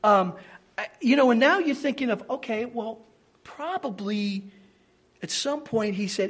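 High-voiced preacher with an animated delivery. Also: male voice, unhurried, pauses often, breathy edge. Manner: animated, acts out quoted speech in changed voices; repeats and restarts words while thinking aloud. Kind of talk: sermon.

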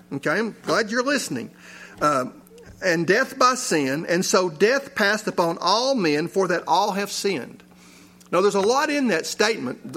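High-voiced man preaching a sermon. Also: fairly bright tone, breathy edge. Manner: rhetorical questions, rising emphasis. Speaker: pastor. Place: church.

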